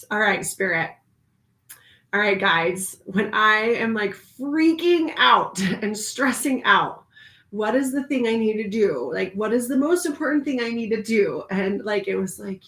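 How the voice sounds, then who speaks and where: A woman giving a casual spiritual oracle card reading, animated and laughing often, moving from hushed calm to excited outbursts. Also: medium pitch, unhurried, echoey room.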